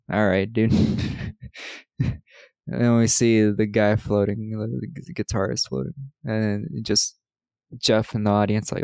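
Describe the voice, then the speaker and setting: A man's voice: on the low side, little pitch movement, a little slow, vocal fry, mellow, clean tone, dry recording. A man co-hosting a podcast, casually retelling film scenes with quoted lines and frequent laughs. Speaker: podcast co-host recapping a film. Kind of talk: casual chat.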